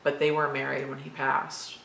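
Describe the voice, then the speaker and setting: A woman's voice: extremely low pitch, monotone, moderate pace, creaky, fairly bright tone. A woman in her thirties from Florida casually reads tag questions aloud and answers them in a chatty, rambling way. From Florida, USA. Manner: chatty, rambling, matter-of-fact. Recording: echoey room with faint background noise.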